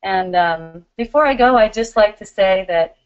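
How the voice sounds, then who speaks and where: A middle-aged woman hosting a live spiritual question-and-answer stream, talking in a warm, giggly, loving way. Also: medium pitch, moderate pace, clean tone, dull audio.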